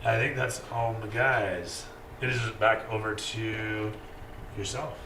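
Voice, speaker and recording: A man narrating as dungeon master in a casual way, swearing often and filling pauses with "uh". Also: on the low side, fairly even intonation, background noise. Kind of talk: narrating a tabletop game with shouted character voices. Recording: echoey room from far off, music behind.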